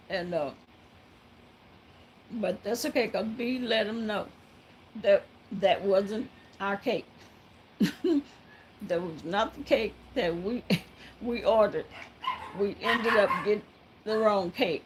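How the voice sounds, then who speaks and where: Lady telling a story real slow, lots of ums and laughs, bit of background hum. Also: mid-range voice, lively intonation, low-quality recording. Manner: laughs often, halting with many fillers. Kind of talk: casual storytelling to viewers.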